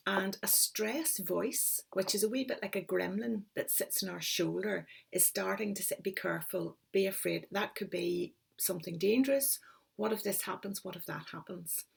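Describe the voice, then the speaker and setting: A middle-aged woman, giving a calm, encouraging motivational talk as a coach. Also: on the low side, vocal fry, slightly rough. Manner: calm, encouraging, explains step by step.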